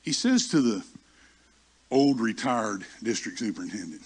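A man's voice: lowish voice, animated, moderate pace, husky. A male pastor preaching a sermon through personal stories, self-mocking and often restarting his sentences.

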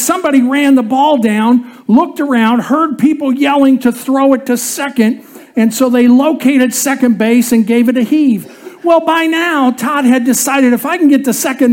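A preacher giving a sermon and telling a humorous story in an animated way, chuckling along, then dropping low and quiet for the serious points.

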